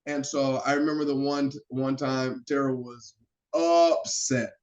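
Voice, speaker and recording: A man guesting on a podcast, telling stories in a lively, animated way and acting out the quotes. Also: medium pitch, unhurried, faint music behind. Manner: animated storyteller who acts out quotes. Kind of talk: casual storytelling chat. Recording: roomy, slightly dull sound.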